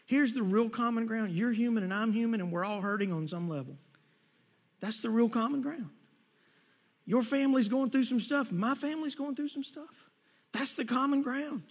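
A man's voice: very high-pitched, normal speed, slightly rough. A male pastor giving a conversational sermon to his congregation, often repeating words as he goes. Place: church sanctuary.

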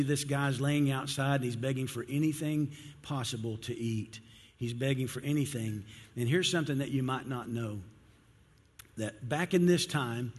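A man's voice: medium pitch, breathy edge. A male pastor preaching a sermon in an earnest, conversational way. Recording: long hall reverb.

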